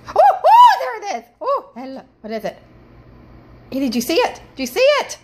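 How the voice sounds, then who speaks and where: A woman filming her dog at home, talking to it in a playful, excitable, coaxing way. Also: high-pitched, a little fast, noisy background. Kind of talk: casual home video. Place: home indoors.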